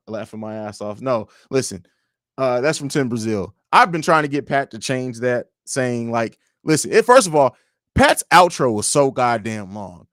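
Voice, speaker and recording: A young man hosting a casual livestream, reading viewer comments aloud and answering them in a blunt, profane, animated way. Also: medium pitch, normal speed, no echo, clean studio sound. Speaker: livestream host.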